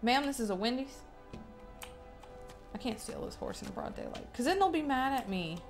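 A woman's voice: on the high side, very animated, normal speed, music in the background. A young woman streaming a game, chatting playfully to herself and to the game characters. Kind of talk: casual gameplay commentary.

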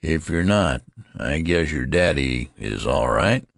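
A man's voice: rumbling low, lively intonation, slow, gravelly, dry recording, studio quality, heavily acted. A man reading an audiobook, voicing a casual, teasing male shop clerk.

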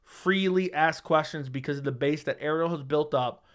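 A man's voice: a little high, moderate pace. Blunt sarcastic man hosting a livestream. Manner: blunt, sarcastic, slangy replies to chat. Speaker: livestream host reading viewer chat. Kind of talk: casual livestream chat. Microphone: studio microphone.

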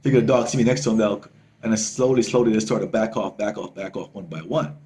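A male travel vlogger telling a story to camera in a casual, excitable way, swearing freely and repeating himself. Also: on the low side, fast, slight background noise.

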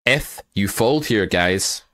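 A man hosting a casual poker hand review, joking and thinking out loud with excitement. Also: lowish voice, takes it slowly, no room sound, studio quality.

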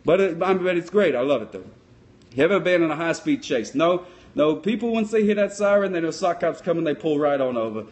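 Man voicing a sock-puppet cop, dopey rambling bravado, slightly high voice. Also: lively intonation, brisk, darkish tone, close to an everyday voice. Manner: rambling, dim-witted bravado. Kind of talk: comic puppet Q&A.

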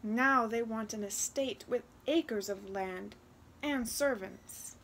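A woman reading a storybook aloud, voicing a meek, ashamed young peasant girl who pleads softly. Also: on the high side, slow pace, a little hiss or hum. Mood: pleading. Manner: soft, pleading.

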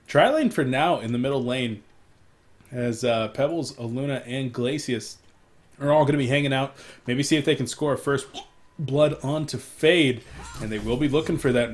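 A young man casting a live esports match alone, excitable in fights and stopping to apologize to viewers for his hiccups. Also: moderate pace. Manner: excitable, rises sharply in loudness and pitch during fights. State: has the hiccups. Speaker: esports caster. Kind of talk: solo live game commentary.

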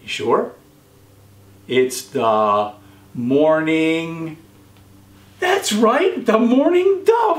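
A man hosting a children's show, quizzing young viewers and praising each answer warmly. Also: big pitch swings, slow pace. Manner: encouraging, praises often, pitch jumps on answers. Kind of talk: quiz for children. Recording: echoey room.

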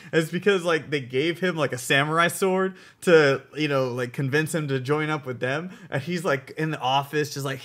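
A young man chats casually about TV shows as a co-host. His voice is bright and forceful and sits a little high. He talks in an animated way and acts out scenes with lots of laughter. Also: normal speed, few pauses. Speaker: co-host of a TV review show. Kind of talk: casual chat.

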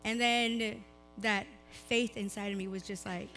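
A young woman, preaching a casual youth sermon in a slightly hoarse voice, chatty and full of "like" fillers. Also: mid-range voice, steady tone, unhurried, fairly bright tone, soft background music. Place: church service, recorded live.

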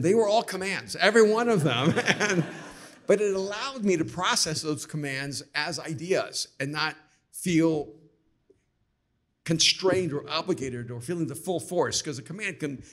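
A middle-aged man telling lively anecdotes as an author guest on a podcast taped live, acting out the people he quotes. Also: on the high side. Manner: animated anecdotes, acts out quoted voices. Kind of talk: conversational storytelling.

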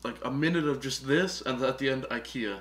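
A man's voice: mid-range voice, fairly quick, fairly bright tone, echoey room. A man co-hosting a reaction channel, chatting casually and adding short quips to the talk.

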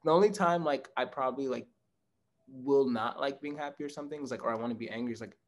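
Brief: man guest, mid-pitched voice, earnest and reflective, laughs easily, casual chat. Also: fast talker. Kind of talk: casual conversation.

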